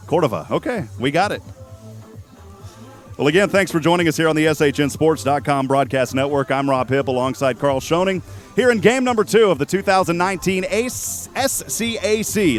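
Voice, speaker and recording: A man calling a college softball game play by play, chatty and quick with statistics, joking with his co-host. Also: a little high, lively intonation, soft background music. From Texas. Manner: chatty, rattles off stats, jokes with co-host. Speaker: play-by-play announcer. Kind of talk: sports play-by-play commentary. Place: outdoor softball field.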